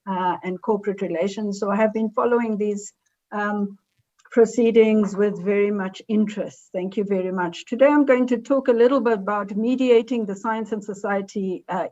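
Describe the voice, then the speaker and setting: A woman giving a remote conference talk, halting and often correcting herself. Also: medium pitch, warm tone, highs cut off. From South Africa. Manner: halting, self-correcting delivery. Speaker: invited conference speaker.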